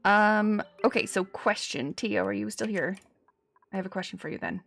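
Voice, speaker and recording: A chatty woman, talking casually as she streams a game. Her voice sits at a mid pitch, and she laughs often and answers her chat. Faint game music plays behind her. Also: moderate pace, creaky, fairly bright tone. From Cyprus. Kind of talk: casual chat while gaming.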